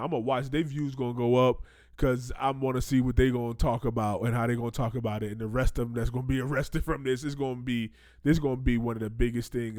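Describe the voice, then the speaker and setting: A man hosting a casual commentary show, reacting in animated slang and breaking into mocking quoted voices. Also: mid-range voice, no room sound, studio quality.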